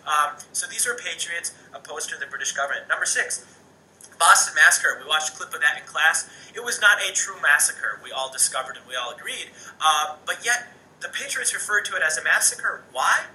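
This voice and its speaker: A male teacher going through a study guide in a casual, animated way, with many "um"s and "right?"s. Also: a little high, brisk, recorded from a distance, slight background noise. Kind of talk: recorded homework lesson, study guide review. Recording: echoey room, voice off-mic.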